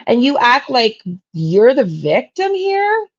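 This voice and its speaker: Woman, fairly high voice, furious profane rant, live stream host, dull lo-fi sound. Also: wildly swooping pitch, slow pace. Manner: angry, blunt and profane. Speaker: true crime tarot channel host.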